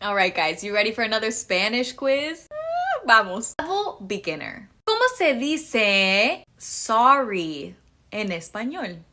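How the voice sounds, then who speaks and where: A woman's voice: a little high, very animated, measured pace, sharp tone. A woman running a Spanish vocabulary quiz, upbeat and encouraging. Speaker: Spanish teacher. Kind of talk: quiz-style vocabulary lesson.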